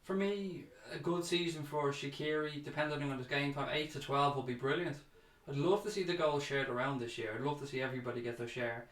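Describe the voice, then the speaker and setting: A man's voice: fairly high pitch, steady tone, fairly quick, few pauses, fairly bright tone, reverberant. A man hosting a casual fan chat livestream, reading out viewer comments and chatting back to them, calling people mate.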